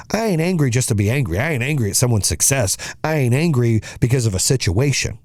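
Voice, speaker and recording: A middle-aged man delivers a motivational podcast monologue, blunt and emphatic and full of curses. His voice sits at an ordinary pitch and is recorded close and dry. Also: a little mellow, dry recording. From United States. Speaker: podcast host.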